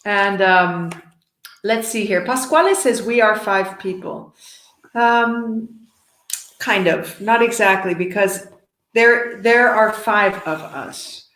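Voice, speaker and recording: A woman teaching an English lesson, explaining slowly and clearly with a playful touch. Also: medium pitch, fairly bright tone, echoey room. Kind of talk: online class teaching.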